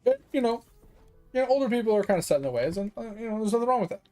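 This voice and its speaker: A fairly high-voiced man rants his way through a story on a gaming stream. He talks casually, with lots of fillers and plenty of swearing. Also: very animated, rapid-fire, a little mellow, soft background music. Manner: profane, fired-up storytelling; chatty, with many fillers. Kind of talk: casual livestream rant.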